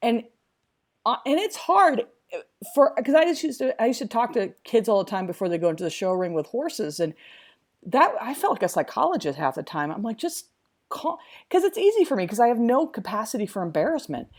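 A woman telling frank, lively stories in casual chat, acting out what people said. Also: a little high, fairly quick. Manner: lively storyteller, acts out quotes.

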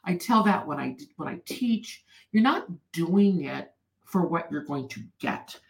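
Woman guest, gravelly texture, echoey room, earnest storyteller. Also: fairly low pitch, animated, unhurried. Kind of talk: personal storytelling in an interview.

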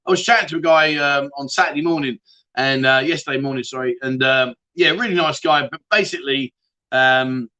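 A man's voice: medium pitch, fairly quick, sharp tone. A middle-aged man hosting a casual livestream, reading out viewer comments and bantering with them in a chatty, jokey way. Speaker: livestream host.

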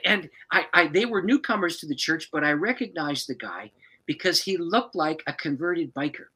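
A male pastor telling a personal story in a dramatic, expressive way, acting out the people in it. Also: on the high side, moderate pace, husky, low-quality recording. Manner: dramatic, expressive storyteller who acts out the people in his stories.

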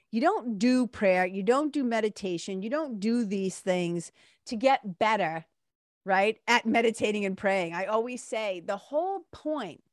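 A woman's voice: a little high, no echo, clean studio sound. A middle-aged woman, a spiritual mentor, talking in a casual, candid way with swearing and laughs. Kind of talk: casual monologue.

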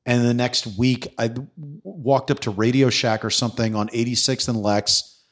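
Speaking in a mid-range voice at a moderate pace, a middle-aged New York City man who used to be a police detective recounts a story during a casual interview. He's an animated storyteller, acting out quotes and cursing freely.

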